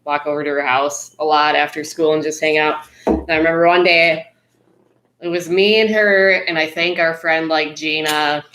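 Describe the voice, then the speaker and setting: A woman's voice: low-pitched, level tone, normal speed, a bit bright. A woman co-hosting a podcast, telling a story in an easygoing, chatty way with filler words. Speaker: podcast co-host. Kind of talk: casual storytelling chat. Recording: echoey room.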